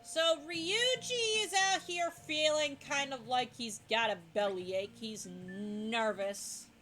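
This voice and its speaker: Chatty woman streamer rambling thru a game, unhurried, keeps fixing her words, faint music underneath. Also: high-pitched, a bit bright. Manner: chatty, self-correcting, laughs easily. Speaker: let's play host. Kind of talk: casual gameplay commentary.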